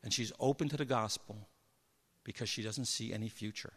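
A man preaching a sermon, telling Bible stories with lively energy and acting out the people in them. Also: fairly low pitch, brisk. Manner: animated storytelling, acts out Bible figures. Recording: long hall reverb.

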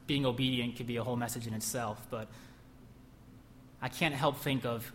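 Preaching in a conversational style that occasionally erupts into emphasis, a young man speaks at a normal pace with fairly even intonation and a fairly bright tone. The echoey hall carries faint ambience, plus slight hiss or hum.

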